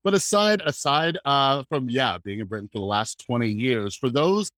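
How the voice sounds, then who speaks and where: A man's voice: mid-range voice, expressive, normal speed, fairly bright tone, dry recording. A man hosting a podcast, talking casually and rambling with lots of fillers. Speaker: podcast host. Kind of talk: podcast interview.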